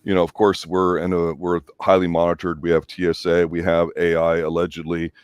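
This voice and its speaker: A man's voice: low-pitched, flat delivery, fairly quick, smooth, no echo, lo-fi sound. A man co-hosting a casual movie review show, giving his opinions in a lecturing way.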